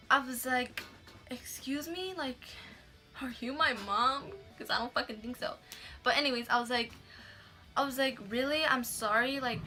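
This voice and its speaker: A woman's voice: a little high, sharp tone. A young woman telling a story in a casual vlog, chatty, swearing freely and acting out the people she quotes.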